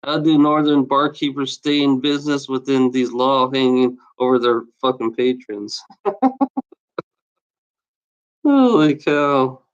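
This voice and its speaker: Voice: medium pitch, slow, long pauses, clear, resonant tone, dull audio. A vlogger reading out odd laws and ranting about them, swearing constantly and scoffing in exasperation. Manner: scoffing laughter between readings.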